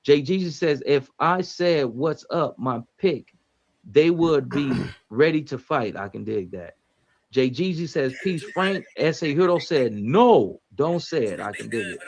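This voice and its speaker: A man's voice: on the high side, lively intonation, moderate pace. A man hosting a casual livestream, bluntly reading out viewer comments and talking back to chat in a profane, direct way.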